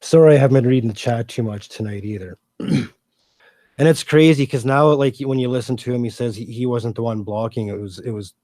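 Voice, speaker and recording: Man, low mellow voice, calm, matter-of-fact, dry close sound. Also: fairly quick, no room sound. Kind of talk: casual livestream chat.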